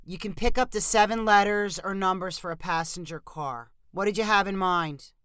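A flat, curt counter clerk, as a narrator puts her on. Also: mid-range voice, moderate pace, clear, resonant tone, dry recording, studio quality, natural voice. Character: bored middle-aged female clerk behind a counter.

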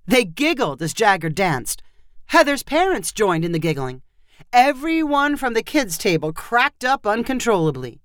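A woman narrating a short story with an expressive, lively reading style. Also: fairly high pitch, normal speed, dry recording, clean studio sound.

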